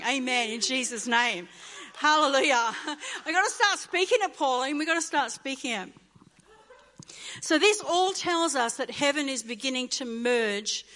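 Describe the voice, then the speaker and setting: High-voiced woman preaching in a reverberant hall. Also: bright, forceful tone. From Australia. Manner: impassioned, repetitive preaching with rising emotional bursts. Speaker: pastor. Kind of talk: sermon. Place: church hall.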